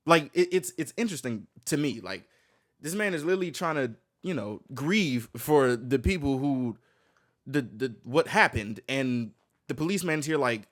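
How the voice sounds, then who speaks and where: A man's voice: mid-range voice, lively intonation, moderate pace, fairly bright tone. A man giving loose, rambling reaction commentary with lots of restarts and casual swearing. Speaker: reaction streamer.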